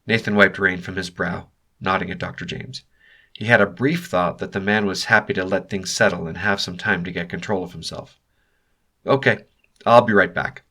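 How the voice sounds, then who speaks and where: A male audiobook narrator with a lowish voice. His tone is bright and clear. He tells the story at a steady, even pace. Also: brisk. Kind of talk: scripted narration.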